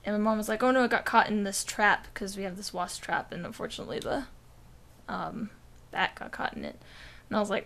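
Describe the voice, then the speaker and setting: A woman's voice: medium pitch, fairly quick, creaky, a bit bright. A young woman co-hosting a podcast, telling a rambling story in casual chat, full of "like" and swearing. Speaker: podcast co-host.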